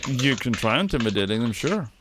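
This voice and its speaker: An easygoing man running a tabletop game as game master. His voice sits mid-range, and he talks in a relaxed, matter-of-fact way. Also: mid-range voice, brisk, background noise.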